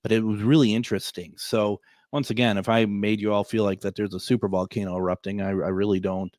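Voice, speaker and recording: A man's voice: fairly low pitch, flat delivery, fast, a little mellow, no echo, clean studio sound. A man in his forties hosting a radio show, telling a story in a rambling, chatty way with frequent restarts and chuckles. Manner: rambling, self-correcting, chuckling. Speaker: radio host. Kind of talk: casual storytelling to listeners. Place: radio studio.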